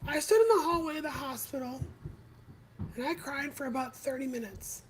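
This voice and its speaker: A woman hosting a podcast live stream, telling her own story in a candid, confessional way with halting pauses. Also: high-pitched, a little hiss or hum, rough recording. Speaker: podcast host.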